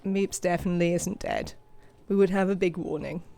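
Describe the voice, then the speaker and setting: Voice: mid-range voice, fairly even intonation, a little fast, gravelly, warm tone. An English streamer narrating a live video game session, chatting with viewers and scolding the game's characters. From England.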